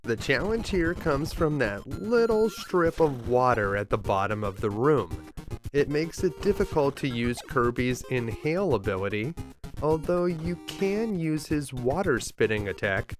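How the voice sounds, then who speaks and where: A man host narrating a scripted video game walkthrough in an upbeat, lightly joking way, over clear game music. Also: mid-range voice, animated, a little slow.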